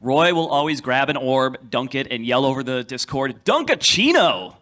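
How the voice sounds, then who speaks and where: A man on a convention panel telling animated, laughing anecdotes about his voice acting work. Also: mid-range voice, normal speed. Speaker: voice actor panelist. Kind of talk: casual convention panel storytelling.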